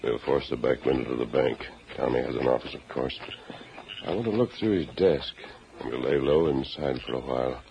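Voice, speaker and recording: An actor playing a calm, commanding masked Western hero, giving firm orders in old-time radio drama style. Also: male voice, rumbling low, moderate pace, vocal fry, dull audio. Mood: resolute. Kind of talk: 1940s radio acting. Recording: hissy old radio recording.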